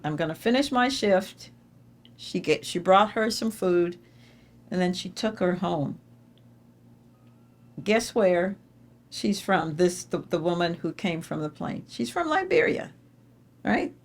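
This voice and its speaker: A woman giving an inspirational speech at an awards dinner, telling stories with sudden jumps in pitch and repeating phrases for emphasis. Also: expressive, slow, pauses often. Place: dinner event hall.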